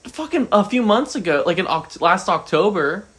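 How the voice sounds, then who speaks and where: A young man co-hosting a casual podcast, loud and animated, his voice jumping up when he gets excited. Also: sits high, normal speed. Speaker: podcast co-host. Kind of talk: casual chat.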